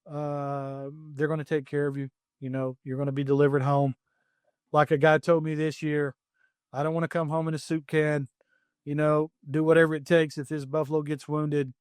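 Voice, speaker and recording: A man's voice: on the high side, smooth, dry recording, studio quality. A middle-aged man, a professional hunter, telling hunting stories in a plainspoken, blunt way with many fillers and restarts. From United States. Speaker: professional hunter and safari outfitter. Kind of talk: podcast interview storytelling.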